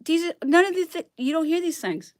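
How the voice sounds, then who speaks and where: A woman giving impassioned ranting commentary on history memoirs. She swings between loud outbursts and hushed whispers and keeps tagging on a pointed "okay?". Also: extremely high pitch, animated, a little fast, dry recording, clean studio sound. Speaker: history vlogger reading memoirs.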